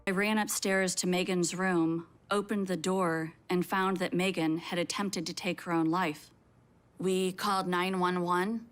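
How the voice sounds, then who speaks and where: A middle-aged woman, a mother telling her own story as a personal testimony in a slow, measured way. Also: fairly low pitch, steady tone. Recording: music playing underneath.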